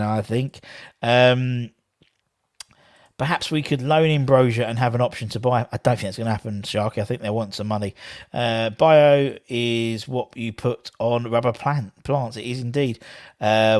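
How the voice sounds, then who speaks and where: A man's voice: mid-range voice, steady tone, normal speed, a little mellow, no echo, studio quality. A man hosting a fan live stream, rambling casually and reading viewer comments aloud. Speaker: fan channel host.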